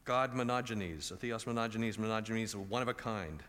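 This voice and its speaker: A man's voice: fairly low pitch, normal speed, a bit bright. A man preaching a conversational sermon and asking the audience questions. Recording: reverberant large hall.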